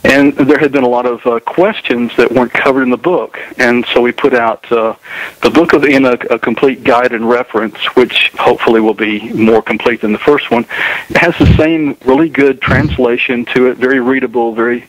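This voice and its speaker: A man's voice: mid-range voice, steady tone, moderate pace, no room sound, poor audio. Hesitant Southern man, dry studio sound. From Southern United States. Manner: hesitant, many fillers. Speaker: author and guest. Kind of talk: radio interview.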